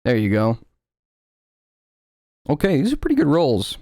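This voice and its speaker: A man's voice: medium pitch, huge pitch swings, a little slow, mellow, no echo, studio quality. A man running a tabletop game as game master, narrating scenes and explaining rules patiently with lots of filler words.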